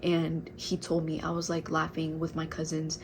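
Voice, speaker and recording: A woman's voice: low-pitched, monotone, normal speed, background noise. A young adult woman telling a casual storytime to her viewers, chatty and full of fillers, calling them girl. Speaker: vlogger.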